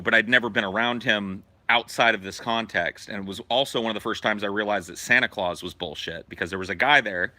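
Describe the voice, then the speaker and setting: A podcast host telling a profane, animated story from his childhood in casual talk. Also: mid-range voice, no room sound.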